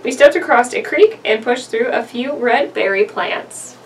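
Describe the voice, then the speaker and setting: A young woman with a slightly high voice reads a creepy story aloud in a casual, joking way, often slipping into giggles. She sits a little back from the mic, and a faint hum of background noise sits under her voice. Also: measured pace, recorded from a distance, low-quality recording. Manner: giggly, joking, breaks into laughter. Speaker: co-reader of a horror story. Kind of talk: casual story reading with banter.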